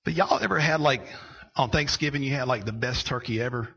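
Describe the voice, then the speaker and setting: A man preaching a sermon, going from quiet storytelling to loud, shouted preaching. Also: medium pitch, a little fast, gravelly, slightly rough, poor audio. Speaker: pastor.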